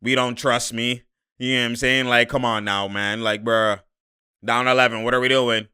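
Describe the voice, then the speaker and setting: A young man reacting live to a basketball game, exasperated and slangy, laughing and shouting at the plays. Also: medium pitch, fairly even intonation, normal speed, clear, resonant tone. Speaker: sports commentator reacting to a game.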